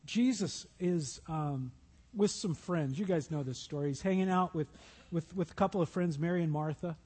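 A man's voice: a little high, moderate pace, a little mellow, husky. A man preaching a sermon, telling stories and acting out Bible scenes in voices. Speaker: pastor.

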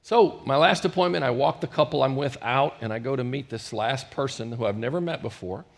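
A middle-aged male pastor preaching a storytelling sermon, swinging from loud bursts to hushed moments. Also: medium pitch, a little fast, vocal fry.

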